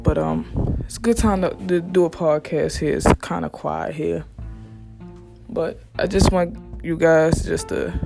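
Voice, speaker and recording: A podcast host giving blunt, profane motivational straight talk, recorded alone at a quiet workplace late at night. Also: medium pitch, creaky. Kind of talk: motivational casual monologue. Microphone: single mic.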